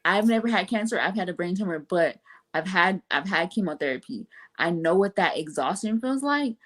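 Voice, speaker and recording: A woman hosting a casual interview, reacting quickly and using easygoing slang. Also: lowish voice, expressive, fairly bright tone. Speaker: host.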